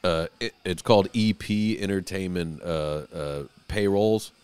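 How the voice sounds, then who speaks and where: Laid-back lower-voiced male podcast host. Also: unhurried, a little mellow, smooth, no echo. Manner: loose, profane, laid-back. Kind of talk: casual chat.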